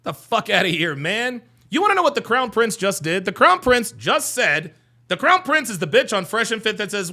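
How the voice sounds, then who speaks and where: High, lively, profane streamer man. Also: moderate pace. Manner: profane, mocking, animated ranting. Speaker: livestream host reading chat. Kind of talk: live-stream chat commentary.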